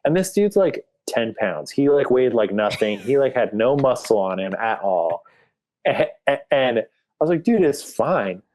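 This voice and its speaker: A man's voice: medium pitch, big pitch swings, a little slow, darkish tone. A man telling a story as a podcast guest, rambling casually with lots of filler words. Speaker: podcast guest, graphic artist.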